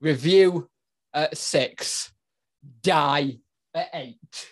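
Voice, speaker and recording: A man's voice: fairly high pitch, very slow. A man, co-hosting a podcast and chatting casually as a parent, telling rambling, self-mocking stories. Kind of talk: casual chat.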